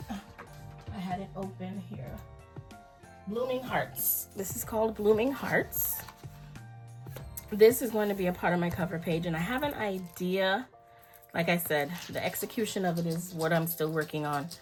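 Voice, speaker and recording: A woman with a lowish voice talks through her planner setup in a loose, rambling way, filling gaps with ums. She sometimes leans away from the mic while she searches her desk, and faint music plays behind her. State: yawning, tired. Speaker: planner video host. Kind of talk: casual talk while crafting.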